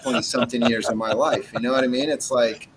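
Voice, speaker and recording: A man's voice: mid-range voice, steady tone, fast, noisy background. A man in his forties, a cigar brand owner and podcast guest, talking in a blunt, casual way, swearing freely and acting out what he says to customers. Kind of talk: casual chat.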